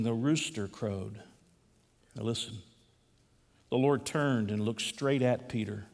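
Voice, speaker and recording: A man's voice: mid-range voice, takes it slowly. Preaching man in a reverberant hall. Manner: preaching with dramatic swings between hushed and raised delivery. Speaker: pastor. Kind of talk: sermon.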